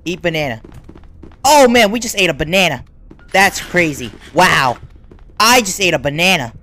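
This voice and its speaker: A gaming YouTuber giving unedited play-by-play commentary, talking in casual slang and reacting loudly to what happens on screen. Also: medium pitch, normal speed. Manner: excitable, reacts loudly to game events; casual slang-filled chatter. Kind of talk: unedited live gameplay commentary.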